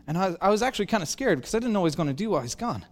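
A man preaching a sermon as a pastor, telling stories with animated acted-out dialogue and self-deprecating humor. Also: sits high, rapid-fire. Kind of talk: storytelling sermon. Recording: long hall reverb.

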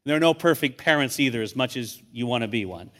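A man's voice: medium pitch, animated, fast talker, a bit bright. An older man, a guest pastor, preaching to a church congregation in a conversational, storytelling way, often repeating words as he starts a thought. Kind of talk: sermon.

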